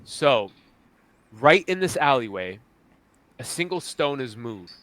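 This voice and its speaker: A man's voice: medium pitch, very animated, slow pace, fairly bright tone. A man narrating as game master in a tabletop fantasy game, speaking casually and loosely with fillers like "kinda" and "like.".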